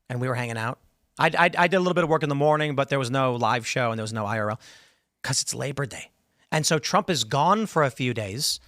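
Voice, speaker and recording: A man hosting a political talk show, commenting in an animated, mocking way. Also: mid-range voice, no echo, clean studio sound. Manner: animated, mocking, talks fast in bursts. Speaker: podcast host.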